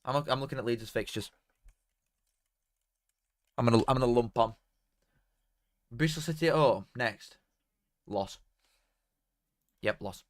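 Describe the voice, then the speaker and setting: A man's voice: medium pitch, measured pace, long pauses, no echo, studio quality. A young man, casually commentating on a live match and bantering with chat. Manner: banter with chat, swings from mutters to shouts. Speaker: watchalong streamer.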